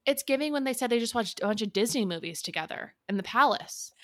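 A woman's voice: on the high side, animated, quick pace, dry recording, clean studio sound. A woman co-hosting a podcast in casual chat, sarcastic and exasperated. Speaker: podcast co-host.

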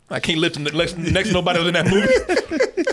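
A man's voice: sits high, moderate pace, a crowd in the background. A man co-hosting a film podcast, joking and swearing a lot in casual chat. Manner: animated, profane, joking, quoting characters. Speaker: podcast co-host reviewing a film.

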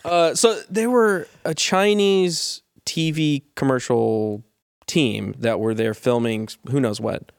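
Man, podcast host, gravelly, slightly high, relaxed drawn-out delivery, dry close mic. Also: no room sound. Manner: laid-back, drawn-out storytelling with filler pauses. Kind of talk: casual chat.

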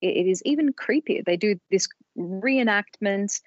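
A woman's voice: mid-range voice, expressive, measured pace, dry recording. A woman podcast host in easy, casual chat, reacting with gushing enthusiasm in a mid-range voice. The sound is dry and close, slightly dull in tone.

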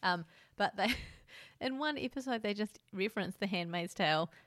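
A woman's voice: mid-range voice, animated, moderate pace, a bit bright, dry recording, studio quality. A woman co-hosting a casual podcast chat, wry and chatty, laughing often. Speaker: podcast co-host. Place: dining room.

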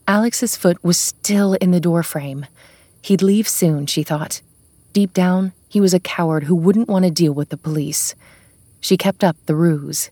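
A woman narrating a suspense audiobook in a steady, measured way. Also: lowish voice, no echo.

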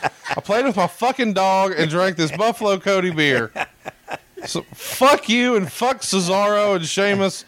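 A man with a slightly higher-than-usual voice trades casual podcast banter. He is blunt, sardonic and freely profane, tossing off dry put-downs. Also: expressive, unhurried, fairly bright tone, a little hiss or hum. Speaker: podcast co-host. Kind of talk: casual sarcastic chat.

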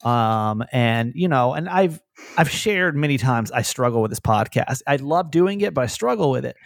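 A man hosting a podcast, talking in a rambling, self-deprecating way and telling animated stories. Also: mid-range voice, moderate pace, creaky, dry recording, studio quality. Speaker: podcast host. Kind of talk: casual podcast chat.

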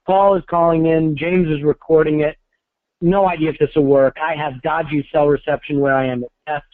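A man's voice: a little high, steady tone, moderate pace, no room sound. Wry male host on a tinny phone line. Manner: wry, self-deprecating. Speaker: podcast host. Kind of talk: casual podcast hosting. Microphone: phone call.

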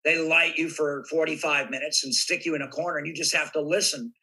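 An older man from Southern California, a guest actor telling animated stories in a podcast interview and acting out voices now and then. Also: fairly high pitch, brisk, slightly rough, low-quality recording. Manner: animated anecdotes with acted-out voices.

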